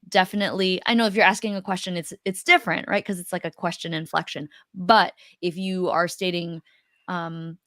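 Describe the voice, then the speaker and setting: A woman's voice: lowish voice, fairly bright tone, no echo, clean studio sound. A woman co-hosting a casual coaching chat, talking loosely with many fillers and restarts. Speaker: co-host.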